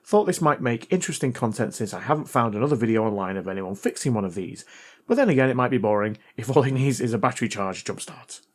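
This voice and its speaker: Hosting a repair video, a man with a medium-pitched, expressive voice talks fast in a casual, chatty way. He reads a viewer's letter aloud and thinks out loud while testing a gadget hands-on.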